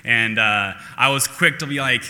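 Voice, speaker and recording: Bright-voiced preacher in a reverberant hall. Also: male voice, medium pitch, normal speed. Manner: self-deprecating, conversational with many fillers. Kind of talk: sermon. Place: church sanctuary.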